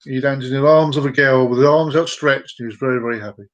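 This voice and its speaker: A man hosting a comedic live show, telling a long joke in a playful, drawn-out, sing-song way. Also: medium pitch, steady tone, muffled recording. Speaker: show host.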